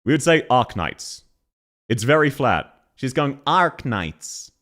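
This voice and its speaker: A man's voice: mid-range voice, expressive, fairly quick, fairly bright tone. An Australian man giving casual commentary as a streamer, reacting to game voice lines with mocking imitations and frequent laughter.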